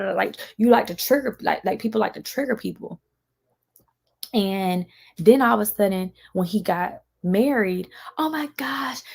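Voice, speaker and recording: A young woman, talking casually on a live stream to viewers, animated and mimicking others in raised voices. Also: mid-range voice, vocal fry, breathy edge.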